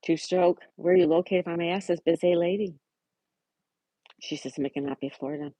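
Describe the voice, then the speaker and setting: Woman livestream host, low husky voice, chatty, greets viewers by name, dry close sound. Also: steady tone, a little fast, warm tone, dry recording. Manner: chatty, reads out chat messages and weather, greets viewers by name. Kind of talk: casual live-chat reading.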